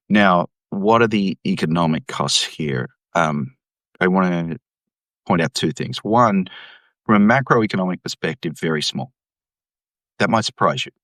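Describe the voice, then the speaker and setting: A low-voiced man speaks as an economics professor in an interview, laying out his case with emphatic, animated energy. The sound is dry and close, with no room around it. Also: dry recording. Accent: Australian. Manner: animated, emphatic, mimics voices when quoting. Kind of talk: explanatory interview talk.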